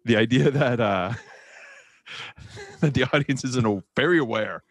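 A man's voice: mid-range voice, a little slow, no echo, studio quality. A man in a casual podcast chat about a film, making wry, sarcastic remarks. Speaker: podcast co-host. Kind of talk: casual movie discussion.

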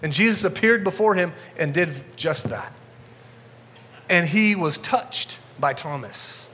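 A male pastor preaching a sermon to a congregation in a church, energetic and conversational, getting fired up as he talks. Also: sits high, slow pace, slight background noise.

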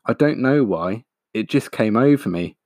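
A man's voice: on the low side, animated, normal speed, a little mellow, no room sound, clean studio sound. A man voicing an exhausted, defeated giant male space dragon who pleads and wails. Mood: mournful. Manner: pleading, wailing.

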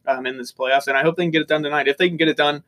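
A man from St. co-hosting a casual sports betting chat, talking fast and swearing freely as he tells stories. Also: fairly high pitch, fairly even intonation, a bit bright. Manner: fast, profane, storytelling. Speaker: co-host.

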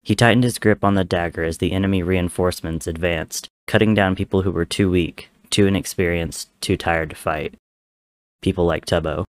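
A man reads a story aloud in a very low voice, with measured, dramatic delivery and steady pacing throughout the narration.

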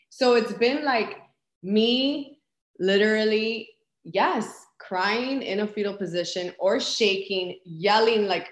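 Woman guest, candid and raw, swears freely, roomy echoing room. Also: medium pitch. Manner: raw, intense, swears often, spiritual. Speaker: podcast guest. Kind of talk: candid conversational sharing. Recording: roomy echo.

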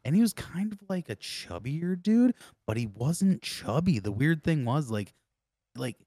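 A man co-hosting a podcast, telling animated, profane stories in casual chat. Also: on the high side, measured pace, dry recording. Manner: animated, swears a lot. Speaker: podcast co-host.

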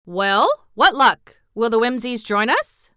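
A woman voicing a suspicious, anxious male gnome king in a storybook reading, with loud emphatic exclamations. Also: a little high, expressive, slow, clear, resonant tone, no echo, clean studio sound, heavily acted.

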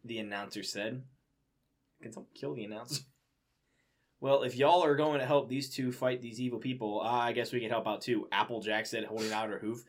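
A man's voice: medium pitch, steady tone, fairly quick. A young man reading fan fiction aloud in a casual, amused way, with incredulous asides between the lines. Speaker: reader.

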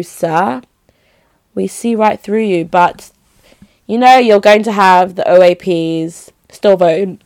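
A young woman hosting a solo podcast, chatty and opinionated, her pitch jumping high when she makes a point. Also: no echo. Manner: chatty, gossipy and opinionated, with lively pitch jumps. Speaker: podcast host. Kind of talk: casual solo podcast chat.

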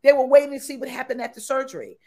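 A woman guest in an interview chat, talking exuberantly and repeating her phrases with excited bursts. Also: high-pitched, rapid-fire. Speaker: podcast guest.

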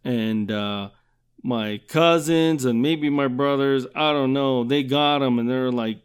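A man's voice: mid-range voice, slow pace, smooth. A man hosting his own podcast, telling crude comic stories, swearing constantly and asking you know what I'm saying. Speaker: podcast host. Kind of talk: profane comedic storytelling.

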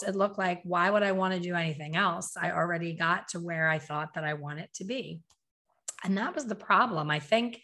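A middle-aged woman with a fairly low voice tells her own story. She talks candidly and conversationally. She slips into acting out the thoughts she had back then. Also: a bit bright. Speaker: salon owner telling her story. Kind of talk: personal storytelling.

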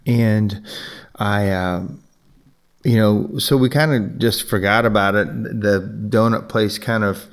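A man's voice: lowish voice, steady tone, a little slow, clean tone. A man who owns a business and hosts a podcast, telling a casual, rambling story full of "you know" and restarts. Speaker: business owner hosting a podcast.

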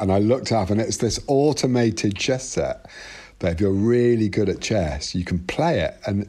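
Rambling husky-voiced man on a video call. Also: on the low side, darkish tone. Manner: rambling, self-interrupting, swears freely. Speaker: interview guest. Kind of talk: casual video-call interview.

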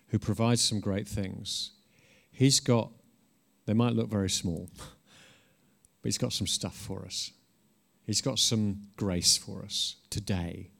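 A man's voice: lowish voice, vocal fry. A man preaching a conversational sermon. He is informal and earnest, restarts often, and swells into emphatic bursts.

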